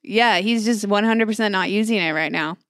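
Laid-back young woman with vocal fry. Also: medium pitch, a little fast, a bit bright, no room sound, studio quality. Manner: laid-back, blunt, swears casually. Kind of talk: casual chat.

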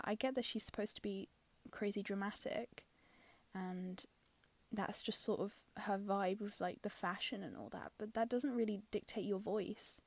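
Chatty woman with a gravelly edge. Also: medium pitch, steady tone, normal speed, no room sound. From London. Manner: chatty and opinionated, many fillers, drops into whispery asides. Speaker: film reviewer. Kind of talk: casual spoken film review.

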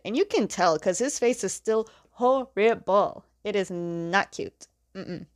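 A woman's voice: medium pitch, slow, few pauses. A young woman casually recapping a comic story, chatty, laughing often and leaning on "like.".

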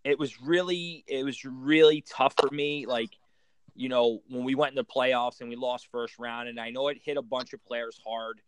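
Halting, profane male coach, dry sound. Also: mid-range voice, steady tone, smooth, no echo. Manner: profane, halting, restarts often. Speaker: hockey coach. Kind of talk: casual storytelling chat.

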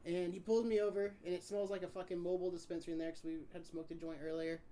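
A man in his twenties telling a story in casual chat with friends, animated and swearing, acting out the voices of the people in it. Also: high-pitched, quick pace. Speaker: podcast guest.

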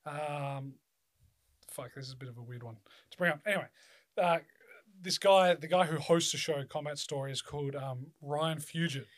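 Man, podcast host, casual chat, laid-back, swears a lot, slightly high voice. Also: moderate pace.

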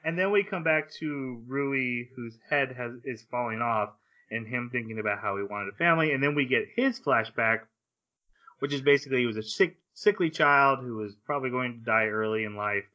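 A man's voice: medium pitch, moderate pace, highs cut off. A man on a podcast, casually recapping an anime and acting out the characters' lines as he goes. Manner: animated retelling, acts out characters' lines. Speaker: podcast host.

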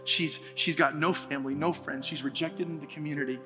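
Pastor guy preaching, funny stories, kinda high voice, long church reverb. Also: a little fast. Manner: animated, humorous storytelling with laughter; preaching with rising emphasis. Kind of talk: sermon. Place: church sanctuary. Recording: reverberant hall with faint music.

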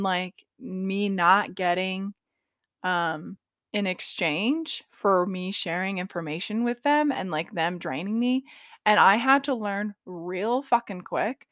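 A woman's voice: mid-range voice, a bit bright, no echo, studio quality. A young adult woman hosting a solo podcast, talking casually with lots of "like" fillers and the odd swear. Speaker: podcast host and intuitive reader.

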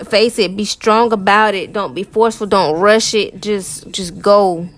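A woman tarot reader speaks in an unhurried, mid-range voice, giving her viewers an easygoing, encouraging pep talk. Her talk is loose and conversational, full of repeated phrases along with "y'all" and "man."

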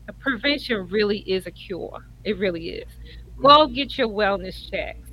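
A woman, co-hosting a casual chat and giving earnest, animated advice. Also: medium pitch, moderate pace, rough recording. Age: 50s. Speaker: co-host.

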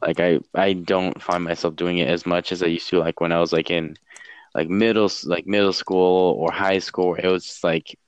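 A man's voice: low-pitched, little pitch movement, moderate pace, clean tone, lo-fi sound. A young adult man chatting casually, hesitant and full of fillers. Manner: hesitant, many fillers and restarts. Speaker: streamer. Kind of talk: casual chat.

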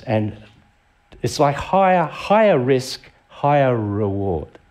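A man's voice: medium pitch, sing-song, moderate pace, darkish tone. A middle-aged Australian man preaching a sermon in a conversational way, asking the congregation questions. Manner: conversational, asks the audience rhetorical questions. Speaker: visiting preacher.

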